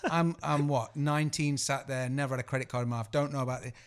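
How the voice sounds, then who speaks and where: A young adult man co-hosting a podcast, telling lively, profanity-laden anecdotes. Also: mid-range voice, quick pace, a little hiss or hum. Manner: swearing, animated anecdote-teller. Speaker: podcast co-host. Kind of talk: casual podcast chat.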